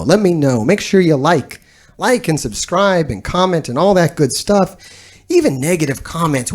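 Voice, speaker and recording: A male streamer talks straight to his live chat in a loose, rambling rant. He swears freely and sounds fed up, laughing now and then as he restarts his sentences. Soft music plays faintly underneath. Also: high-pitched. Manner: profane, blunt and exasperated, with frequent laughs. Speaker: gaming streamer and video host. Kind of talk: casual ranting commentary to a live chat.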